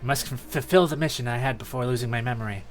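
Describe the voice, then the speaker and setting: A man's voice: medium pitch, quick pace, close to an everyday voice. A man reading the lines of an earnest young male monkey creature hero from a game, in a sincere, heartfelt way. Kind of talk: reading game dialogue aloud.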